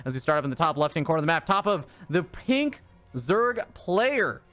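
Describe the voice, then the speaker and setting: Soft background music accompanies an esports caster calling a strategy game match live, analyzing as they go. The mid-range voice swings widely in pitch, sounds a bit bright and keeps a normal speed, with lots of hedging as they reason aloud.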